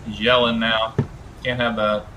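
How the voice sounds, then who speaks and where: A man's voice: lowish voice, level tone, unhurried, sharp tone, slight background noise, poor audio. A man playing a tabletop game, speaking briefly and matter-of-factly. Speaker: player. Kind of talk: casual tabletop game play.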